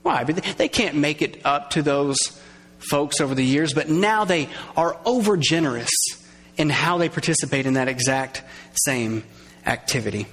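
A man preaching a sermon, conversational and lively, acting out little quoted voices and drawing in his congregation. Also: a little high, normal speed. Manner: conversational, acts out quoted voices, engages audience. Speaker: pastor. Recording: long reverb of a large hall.

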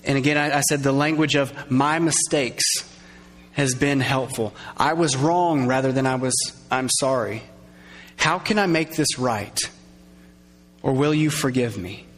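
A man preaching a sermon, conversational and lively, acting out little quoted voices and drawing in his congregation. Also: mid-range voice, measured pace. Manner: conversational, acts out quoted voices, engages audience. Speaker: pastor. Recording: long reverb of a large hall.

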